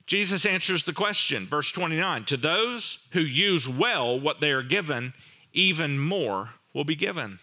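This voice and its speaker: A man's voice: on the high side, expressive, measured pace, sharp tone. A man preaching a sermon, retelling a parable dramatically with rhetorical questions and voiced characters. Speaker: pastor.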